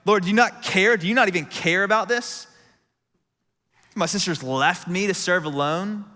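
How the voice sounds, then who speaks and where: A man voicing a snarky, complaining woman in a sermon, a little higher and louder than his usual preaching voice. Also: moderate pace, big-room sound. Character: snarky put-upon woman hostess.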